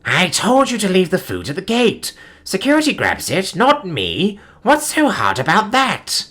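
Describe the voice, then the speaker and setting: A brash, sleepy cat-like alien woman, pitched well above a normal speaking voice, growls and purrs with a grouchy edge as a husky male narrator puts her on. The pitch swings widely as she grumbles. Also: huge pitch swings, a little slow, a bit bright, full character voice. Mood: irritated. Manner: grumbling, then purring and flirtatious.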